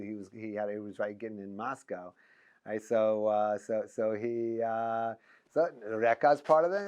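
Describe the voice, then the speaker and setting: A middle-aged man giving an informal class as a rabbi, telling stories with frequent restarts and chuckles. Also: mid-range voice. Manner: animated storyteller, many restarts and chuckles. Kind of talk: informal lecture with anecdotes.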